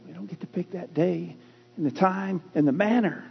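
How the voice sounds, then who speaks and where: A man preaching a sermon as pastor, emphatic, with dramatic pauses and repeated lines. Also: sits high, vocal fry, husky. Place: church sanctuary. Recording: muffled lo-fi sound in a reverberant hall.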